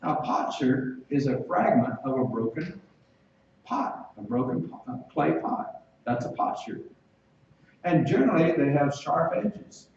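A man's voice: a little high, animated, a little slow, darkish tone, far from the mic, slight background noise. A man preaching in a big, echoey hall, his voice landing from well back and sounding dull. He talks to the listeners conversationally and keeps asking them direct questions. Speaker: pastor. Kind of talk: expository sermon.

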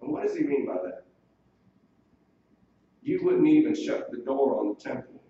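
A man's voice: mid-range voice, expressive, normal speed. Man preaching in a very echoey church. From United States. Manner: earnest preaching, quotes scripture in old wording. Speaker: pastor. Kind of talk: sermon. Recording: distant mic in a very echoey room, dull lo-fi sound, faint hiss.

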